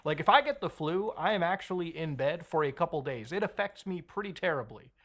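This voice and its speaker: A man narrates a commentary video in a conversational, skeptical tone. His pitch moves around a lot from phrase to phrase. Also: expressive, brisk, a bit bright. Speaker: online commentator.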